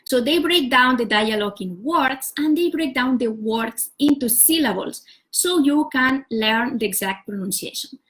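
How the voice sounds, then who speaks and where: A woman's voice: sits high, expressive, normal speed, a bit bright. A woman language teacher giving a casual livestream explainer, talking step by step with frequent "uh" and "so". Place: home setup for a live stream.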